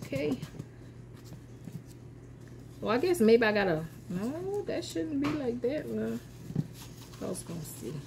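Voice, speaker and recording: A woman's voice: on the high side, very animated, slow, creaky, long pauses, noisy background. Folksy older woman chatting to viewers. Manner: folksy, calls viewers honey and baby, talks of herself as boss lady. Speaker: haul vlogger hosting a giveaway drawing. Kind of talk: casual chat to viewers.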